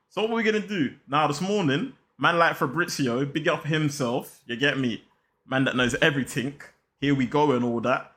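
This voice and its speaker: A young man chats about football in a loose, slang-filled way. He talks straight to his viewers with hype and energy, at an everyday pitch. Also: fairly bright tone. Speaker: football channel host. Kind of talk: casual football vlog chat.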